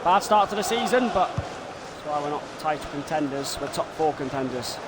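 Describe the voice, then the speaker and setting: A man streaming a football video game live, calling the action like a broadcaster and bursting into shouts of excitement at the goals. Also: a little high, moderate pace, over a noisy crowd, heavy background noise. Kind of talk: live gameplay commentary in broadcaster style.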